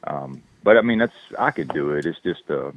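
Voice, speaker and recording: A man's voice: rumbling low, expressive, normal speed. A man with a Southern accent, an actor guest chatting in an interview in a laid-back, rambling way with lots of fillers. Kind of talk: casual interview chat. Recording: tinny phone-line sound.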